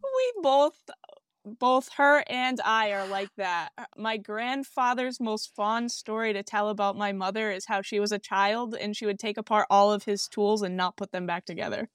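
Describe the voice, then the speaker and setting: An earnest woman receiving a reading, talking openly about her grief. Her voice is smooth and clear at a middle pitch, and the sound is dry and close. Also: expressive, moderate pace, dry recording. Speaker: reading client. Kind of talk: casual conversation.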